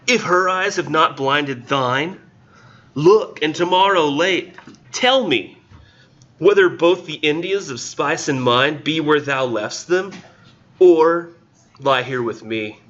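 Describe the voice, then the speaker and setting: A man putting on a high, drawn-out voice to read as a lovestruck poet scolding the sun. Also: a bit bright, lo-fi sound. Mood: swooning. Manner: slow, drawn-out, exaggerated reading.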